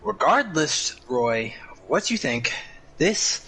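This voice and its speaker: A man's voice: a little high, very animated, slow, pushed and bright, a little hiss or hum, exaggerated voice, rough recording. A man voicing a secretive young man in a tabletop game, speaking in a cryptic, stern way.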